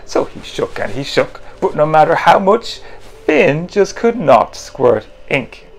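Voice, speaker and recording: A man, the author, reading his children's picture book in an animated, playful way and making the sound effects himself. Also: on the high side, slow pace, vocal fry, a little hiss or hum.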